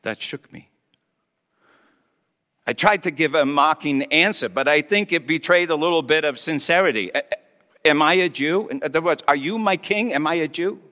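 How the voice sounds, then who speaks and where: A man's voice: on the high side, normal speed, bright, forceful tone, big-room sound. A man playing Pontius Pilate as a conflicted Roman governor, speaking a stammering, confessional monologue in character. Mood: shaken. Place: church hall.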